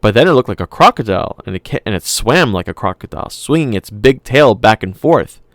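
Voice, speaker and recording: A man reading an audiobook aloud in calm, measured scripted narration. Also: on the low side, dry recording, clean studio sound.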